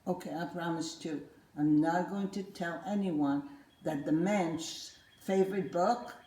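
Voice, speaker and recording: A woman's voice: lowish voice, measured pace, warm tone, slight background noise. An older woman teaching children their letters with a puppet, playful and coaxing, repeating words for them to say back. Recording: roomy echo.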